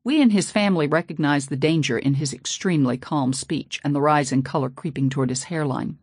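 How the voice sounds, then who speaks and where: Low-voiced woman narrating an audiobook. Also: a little fast, hardly any pauses, a little mellow, breathy edge, no room sound, studio quality.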